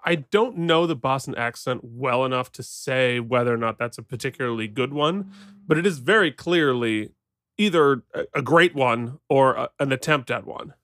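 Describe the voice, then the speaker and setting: A man's voice: mid-range voice, normal speed, fairly bright tone, dry recording, studio quality. A man casually reacting to a TV legal drama with a co-host, wry and a bit rambling. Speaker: show commentator.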